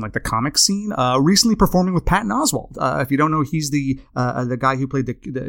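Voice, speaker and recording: A man's voice: medium pitch, fairly bright tone, no echo, clean studio sound. A man hosting a comedy podcast, delivering a rambling, self-deprecating monologue. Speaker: podcast host.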